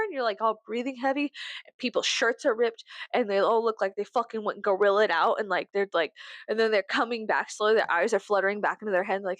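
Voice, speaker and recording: A young adult woman vlogging in a casual, profane storytelling rant, acting out the people she quotes. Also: dry recording. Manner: profane, animated, quick asides; acts out quoted people with big pitch jumps.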